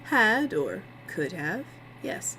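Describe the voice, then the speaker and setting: A woman's voice: on the low side, very animated, extremely slow, pushed and bright, a little hiss or hum, heavily acted, low-quality recording. A woman voicing a smug male TV producer, sarcastic and needling.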